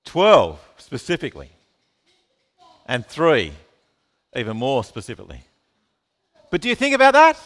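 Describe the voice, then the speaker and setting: A man's voice: mid-range voice, unhurried, pauses often. A man preaching a sermon, asking the congregation questions and calling on listeners by name. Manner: animated, asks the room questions, calls on listeners by name. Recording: long reverb of a hall.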